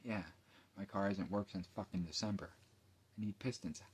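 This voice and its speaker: A man's voice: sits low, fairly even intonation, moderate pace, slightly rough. A man, ranting late at night at home in a rambling, profane, mumbling way. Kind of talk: late-night personal rant.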